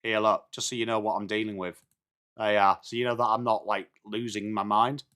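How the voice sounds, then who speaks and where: A man's voice: lowish voice, little pitch movement, brisk, sharp tone, clean tone. An English man hosting a live football watch-along, calling the play and chatting to viewers. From England. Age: adult with children. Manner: chatty, switches between calling play and answering viewer comments. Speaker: live stream host.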